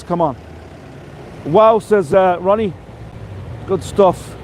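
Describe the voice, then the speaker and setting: A man's voice: high voice, expressive, slow pace, long pauses, darkish tone. Upbeat Irish man guiding a street tour. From Ireland. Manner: enthusiastic, chatty, full of superlatives. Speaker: tour guide. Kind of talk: live walking tour with viewer shout-outs. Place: city street outdoors. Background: faint street and traffic noise.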